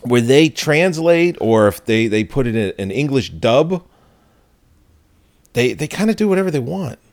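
A man's voice: mid-range voice, sing-song, unhurried, a little mellow, no room sound, clean studio sound. A man co-hosting a podcast in casual chat, laid-back and wry, swearing freely. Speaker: podcast co-host. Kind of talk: casual movie review chat.

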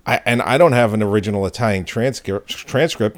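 A man's voice: on the low side, brisk, no room sound. A man co-hosting a podcast in casual chat, laid-back and wry, swearing freely. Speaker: podcast co-host. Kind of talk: casual movie review chat.

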